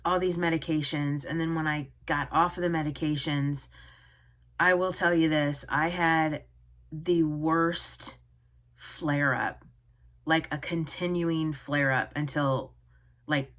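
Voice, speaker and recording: A woman in her forties vlogging to camera, talking in an earnest, halting way with many pauses. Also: deep voice, steady tone, a bit bright. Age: 40s. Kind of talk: personal vlog talk to camera.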